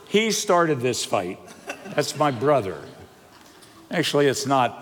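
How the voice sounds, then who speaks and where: Older pastor preaching in a reverberant hall. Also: male voice, a little high. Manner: lively storytelling with humor and questions to the congregation. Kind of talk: sermon. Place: church sanctuary. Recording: long reverb of a large hall.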